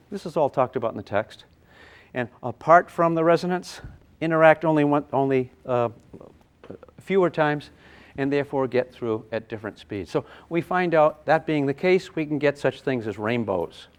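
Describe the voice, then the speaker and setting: An older man teaching a physics class, lively and playful, with sound effects and acted asides. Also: on the high side, normal speed, clear, resonant tone. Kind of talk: classroom lecture at a whiteboard.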